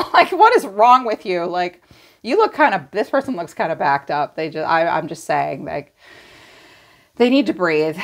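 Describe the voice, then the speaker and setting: A woman's voice: fairly low pitch, creaky. A woman giving a casual tarot reading to her viewers, blunt and chatty, teasing and full of fillers. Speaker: tarot reader.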